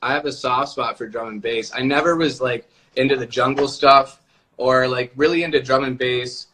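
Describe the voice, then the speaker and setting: A man's voice: medium pitch, normal speed. A man chatting casually on a live-stream video call, talking loosely with lots of filler words. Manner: relaxed, many "like" fillers. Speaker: music producer guest.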